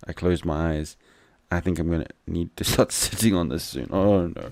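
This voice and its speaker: A man's voice: sits low, steady tone, normal speed, a little mellow, dry recording. A man reading a visual novel aloud as a gameplay commentator, adding wry, joking asides.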